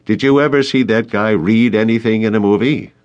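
A lanky, wisecracking young man from a storybook whose voice booms out, as a male narrator puts him on. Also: fairly quick, darkish tone, muffled recording, natural voice. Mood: wry. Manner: booming, wry.

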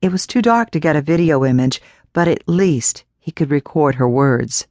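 Woman reading a horror audiobook, low voice, slow and steady, dry close mic. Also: no room sound. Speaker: audiobook narrator. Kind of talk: scripted narration.

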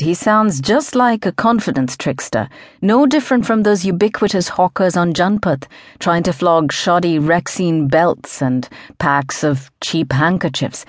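A woman's voice: sits low, darkish tone, dry recording. A young woman narrating a novel in the first person, with composed and descriptive storytelling into a close studio mic. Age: young adult. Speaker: audiobook narrator.

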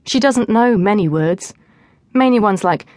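A woman narrating a teen novel in the first person, in a lively storytelling manner, close to the mic. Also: mid-range voice, unhurried, no room sound. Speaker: audiobook narrator.

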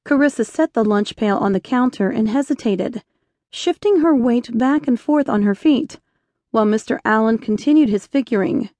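A woman narrating an inspirational romance audiobook in a measured storytelling voice on a close studio mic. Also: a little high, warm tone, no echo. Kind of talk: scripted narration.

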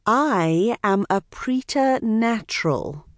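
A woman voicing a proper, strong-willed young English lady who gives crisp orders. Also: medium pitch, very animated, moderate pace, darkish tone, no room sound, studio quality, lightly acted. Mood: commanding.

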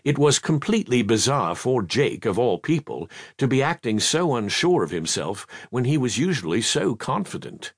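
Male children's-audiobook narrator, lively intonation, husky tone. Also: mid-range voice, normal speed, hardly any pauses, no room sound, clean studio sound. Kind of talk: storybook narration.

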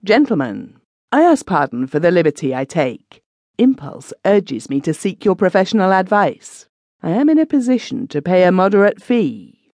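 A woman's voice: fairly low pitch, big pitch swings, moderate pace, darkish tone, dry recording, clean studio sound, voice pushed up. A woman reading the part of a burly, grim former male executioner who speaks formally and solemnly, in an audiobook. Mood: earnest.

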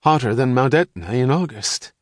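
A man's voice: medium pitch, lively intonation, normal speed, dry recording, voice pushed up, lightly acted. A fussy middle-aged mother with a stern, clipped delivery, as a male audiobook narrator puts her on. She speaks formally and precisely, with no contractions. The sound is dry and close.

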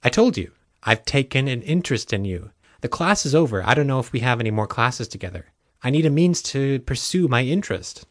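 A calm, smug young man talks in a smooth, even, unhurried way, never ruffled, as a male narrator plays him. The voice is mid-pitched for a man and recorded dry and close, like a storybook read in a quiet booth. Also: no echo.

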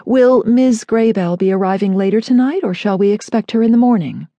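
A woman's voice: medium pitch, brisk, dark tone, no echo, muffled recording, voice pushed up, lightly acted. A woman narrator voicing a polite young female hotel desk clerk who speaks in a professional tone and gets flustered.

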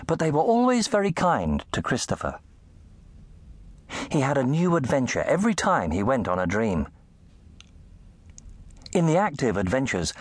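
Male storyteller, lively pitch, dry close studio sound, for a children's book. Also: breathy edge, no room sound. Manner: animated storytelling, shifting pitch for effect. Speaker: audiobook narrator. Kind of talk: scripted narration.

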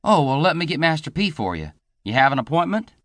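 A man's voice: a little high, very animated, quick pace, a bit bright, no room sound, pitched above the performer's own voice. A man narrator voicing a pleasant, polite woman at a front desk.

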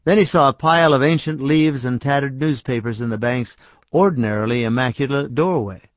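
A man reading a short story aloud as audiobook narrator, calm and even. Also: mid-range voice, dry recording. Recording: dry, slightly dull audiobook recording.

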